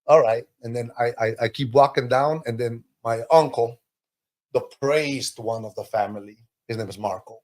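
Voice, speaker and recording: A man from Peru shares his life story as a podcast guest. He talks in a medium register and tells it with animated feeling, his pitch leaping up when he gets excited. He sounds like he is reliving each moment as he speaks. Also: moderate pace. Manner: animated, emotional storytelling with sudden high pitch lifts. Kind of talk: personal testimony in conversation.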